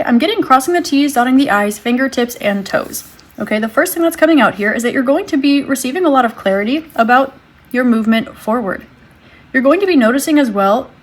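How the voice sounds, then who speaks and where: A woman with a slightly high, breathy voice gives a tarot reading straight to her viewers. She talks in a gentle, reassuring way and muses aloud as she pulls each card. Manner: gentle, reassuring, thinks aloud while drawing cards. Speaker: tarot reader.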